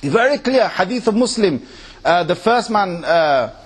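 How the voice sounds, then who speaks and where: A man giving a lecture at a mosque, talking animatedly and checking in with his listeners with quick questions. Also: high-pitched, slightly rough. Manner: animated, acts out quoted voices and laughs often. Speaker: Islamic lecturer.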